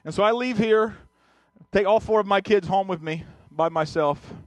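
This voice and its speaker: A man's voice: high-pitched, normal speed, no echo. A male pastor telling a personal story in a sermon, earnest, often restarting and repeating his words. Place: church sanctuary.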